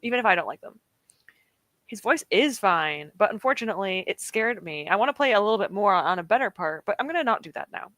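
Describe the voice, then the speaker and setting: A young woman chats casually with viewers during a reading stream. She laughs easily, and her bright voice moves up and down a lot. The mic is close and dry. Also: medium pitch, lively intonation, fast talker, dry recording. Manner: chatty and giggly, often laughs and reacts to chat. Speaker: streamer hosting reading sprints. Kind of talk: casual chat with live chat. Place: home desk.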